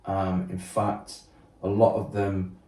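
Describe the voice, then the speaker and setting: Blunt low-voiced man, roomy. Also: little pitch movement, takes it slowly, warm tone. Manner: blunt, swears, acts out quotes, many fillers. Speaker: podcast guest. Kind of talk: candid storytelling. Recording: roomy sound, distant mic.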